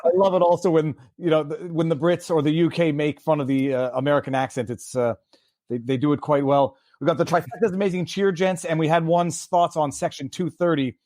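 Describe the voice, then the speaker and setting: A man's voice: fairly high pitch, steady tone, brisk, a little mellow, no echo, clean studio sound. A man hosting a podcast in casual chat, speaking earnestly and opinionatedly with frequent restarts.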